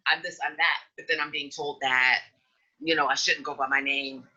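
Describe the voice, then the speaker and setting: Outspoken podcast lady, really bright husky voice, talks frank, muffled lo-fi sound. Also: sits low, steady tone, moderate pace. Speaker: podcast host. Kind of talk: casual podcast chat.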